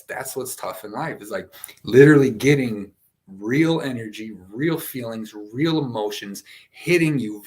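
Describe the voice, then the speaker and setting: A young man hosts a relaxed spiritual session and talks in long, winding runs full of "you know" and "right?". His voice sits fairly low. He stays loose and lively. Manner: rambling, animated, many fillers and laughs, reads chat aloud. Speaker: spiritual teacher hosting a session. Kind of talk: casual spiritual talk to a live chat.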